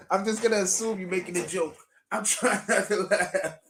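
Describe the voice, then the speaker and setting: A man's voice: high-pitched, fairly even intonation, a little slow, fairly bright tone, slight background noise. A man hosting a livestream, reading viewer chat aloud and reacting in an incredulous, emphatic way, laughing between remarks. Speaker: show host.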